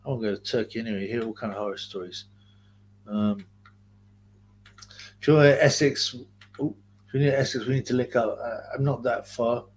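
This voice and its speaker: A man's voice: mid-range voice, moderate pace, long pauses, slight background noise. A man with a London accent hosting a casual livestream, rambling in slang and reading chat comments aloud. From Greater London. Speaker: livestream host.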